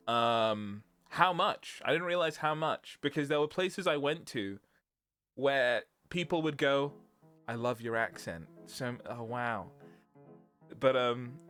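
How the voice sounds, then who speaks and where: A man's voice: mid-range voice, a bit bright. A young British man, a streamer, rambling through a casual chat and laughing often. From Britain.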